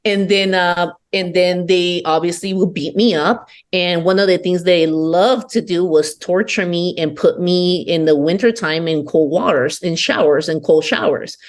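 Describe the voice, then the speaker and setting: A woman's voice: on the low side, a little slow, few pauses. A woman from Peru, a podcast guest, telling her own story bluntly and with lots of swearing. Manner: blunt, profane, emphatic. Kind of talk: candid personal storytelling.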